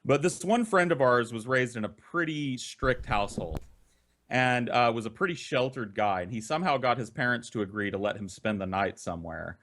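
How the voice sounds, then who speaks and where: A man's voice: medium pitch, normal speed. A young man telling rowdy stories on a podcast in a casual, profane way, acting out the voices of the people in them. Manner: animated, profane, acts out quoted voices. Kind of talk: casual storytelling.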